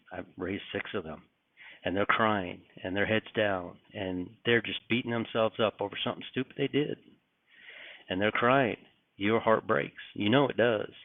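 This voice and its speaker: A middle-aged man with a lowish voice preaches urgently in a video, warning that the end times are near. He is earnest and keeps repeating phrases. The audio is tinny and phone-like, with no echo.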